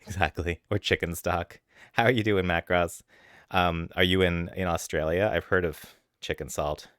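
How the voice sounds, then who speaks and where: A man's voice: low-pitched, fairly even intonation, moderate pace, fairly bright tone, clear, resonant tone, dry recording, studio quality. A man streaming live from home late at night, chatting with viewers in an easygoing storytelling way. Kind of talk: casual chat with viewers.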